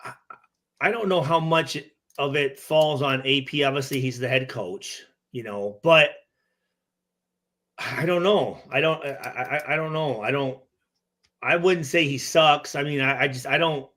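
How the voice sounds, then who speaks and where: A man's voice: on the high side, a little slow, fairly bright tone. A man in his forties, a former player, talking in a casual podcast chat, hesitant with many restarts and plenty of swearing. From Michigan. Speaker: former player and guest analyst.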